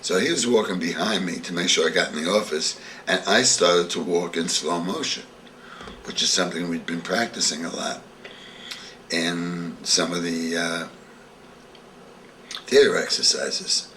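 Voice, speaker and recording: A man's voice: low voice, unhurried, pushed and bright, recorded from a distance, a little hiss or hum. An older man telling a vivid story from his past, acting out the scenes as he recalls them. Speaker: interviewee. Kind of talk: storytelling reminiscence.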